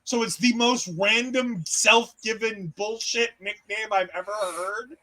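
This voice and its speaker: A man co-hosting a casual wrestling recap, talking in an animated way with jokes, swearing and quick asides. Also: high-pitched, poor audio. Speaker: podcast co-host.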